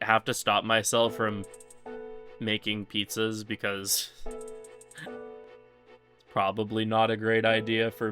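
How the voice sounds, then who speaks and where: Man, speedrun streamer, casual rambling commentary, bright forceful voice, faint game music. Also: fairly low pitch. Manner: rambling, relaxed, lots of fillers.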